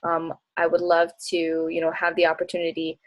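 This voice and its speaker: A woman's voice: lowish voice, completely flat delivery, fairly quick, dull audio. A young woman talking casually as a travel blogger and coach, chatty and bubbly, often laughing and acting out bits of dialogue. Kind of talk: casual talk answering audience questions.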